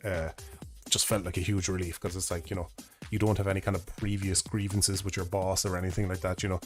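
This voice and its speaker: Rambling Irish man streaming, low voice. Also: little pitch movement, fast, soft background music. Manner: rambling, swears casually, laughs often. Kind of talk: casual live-stream chat. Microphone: desk microphone.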